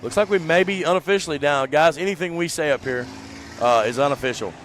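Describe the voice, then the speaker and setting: A man's voice: fairly high pitch, quick pace, fairly bright tone, a little hiss or hum. A man with a Southern American accent, chatting easygoing live commentary at a demolition derby outdoors. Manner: chatty, easygoing, thinking aloud. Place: outdoors at a racetrack.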